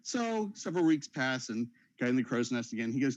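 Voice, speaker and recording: A man in his thirties, a father, telling long dad jokes in a relaxed chat on a video call. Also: medium pitch, brisk, hardly any pauses, highs cut off. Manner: jokey storyteller, full of dad jokes. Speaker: guest artist.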